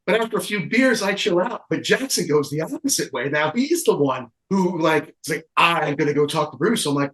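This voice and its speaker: A man from the United States, a podcast host, excitedly telling a story in casual chat. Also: on the high side, fairly quick, few pauses, reverberant.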